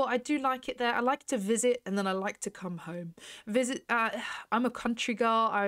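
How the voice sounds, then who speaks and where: A woman's voice: fairly high pitch, a bit bright, smooth. Chatty young English woman gaming. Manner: chatty, rambling, self-mocking. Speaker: gaming YouTuber. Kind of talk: casual gameplay commentary.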